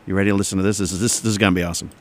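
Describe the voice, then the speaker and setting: A man's voice: low-pitched, fairly even intonation, racing, over loud music. A man delivering a rambling, sarcastic comedic monologue as host, drifting between tangents and mocking voices. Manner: sarcastic, rambling, mocks others in put-on voices.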